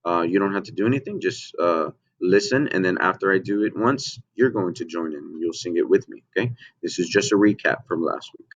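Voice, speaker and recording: A young man with a lowish voice teaches a children's music lesson from home. He explains things slowly and patiently, checking in with his young listeners. The recording is dull and lo-fi. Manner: patient, repeats "okay?" and "right?" to check in.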